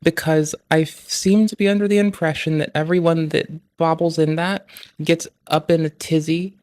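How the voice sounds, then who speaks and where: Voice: medium pitch, steady tone, moderate pace, darkish tone, no echo. A streamer ranting with constant swearing in casual talk on a live stream. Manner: swears constantly, rants angrily.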